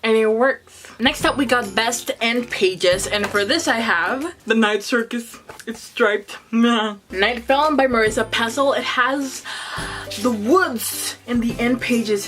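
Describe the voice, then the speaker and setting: A woman's voice: fairly high pitch, fairly bright tone. A woman book vlogger talking through a casual book tag video, gushing and enthusiastic with a chatty, swearing-now-and-then manner.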